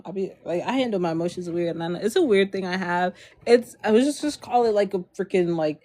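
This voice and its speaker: A woman's voice: fairly low pitch, fast, mellow. A young woman from Maryland telling a personal story in a storytime vlog, rambling with lots of fillers and frequent laughs.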